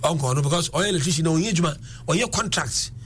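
A middle-aged Ghanaian man in a casual discussion, telling animated stories and switching between English and Twi. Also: fairly high pitch, fast, a little hiss or hum.

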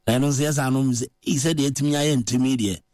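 A man with a Ghanaian accent preaching in a conversational way, mixing languages and rising to high, emphatic pitch. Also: steady tone, rapid-fire, a little mellow, dry recording, clean studio sound.

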